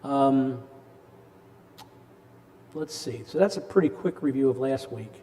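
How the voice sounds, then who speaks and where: Folksy older man with a mellow voice. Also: mid-range voice, lively intonation, slow, in a large hall. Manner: folksy, joking with the audience. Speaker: presenter of a parish addiction class. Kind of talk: casual lecture with storytelling. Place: parish hall.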